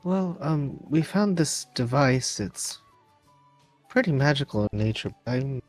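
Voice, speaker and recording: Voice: mid-range voice, expressive, a little slow, faint music behind. A player in a tabletop game speaking politely and hesitantly, with many fillers. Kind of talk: tabletop role-play.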